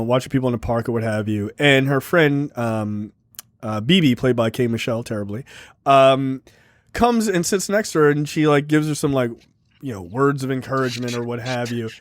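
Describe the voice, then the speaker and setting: A man's voice: mid-range voice, no echo. A man co-hosting a movie review podcast, recapping the plot casually with lots of fillers and joking asides. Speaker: podcast co-host.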